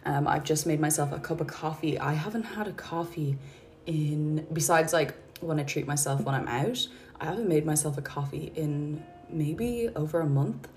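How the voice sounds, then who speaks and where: A woman hosting her podcast, talking in a calm, chatty, rambling way into her phone at home. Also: low-pitched, normal speed, faint music behind. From Ireland. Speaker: podcast host and mindset coach. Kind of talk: casual spoken podcast chat. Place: her apartment.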